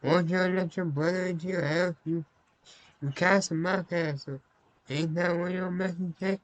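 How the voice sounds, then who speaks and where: A boastful American patriot preaches about freedom in an over-the-top drawl, as a man puts him on. The voice is pushed a little higher than normal and stays close and dry. It is a comedic game character. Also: steady tone, moderate pace, dry recording, close to an everyday voice, rough recording. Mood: preachy.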